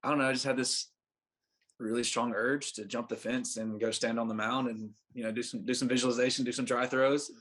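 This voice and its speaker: A man's voice: mid-range voice, level tone, a little fast, a bit bright. A young man sits in as a podcast guest and spins a long, casual story. His delivery is laid-back and rambling, with "like" dropped into almost every sentence as he backtracks and restarts. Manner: rambling, laid-back, heavy use of "like" fillers. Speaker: podcast guest, baseball pitcher.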